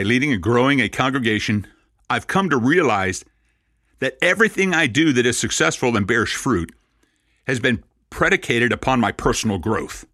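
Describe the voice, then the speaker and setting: A man in his sixties, a Messianic rabbi, preaching a sermon through lively anecdotes and dry self-mocking asides. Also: mid-range voice, moderate pace, no echo.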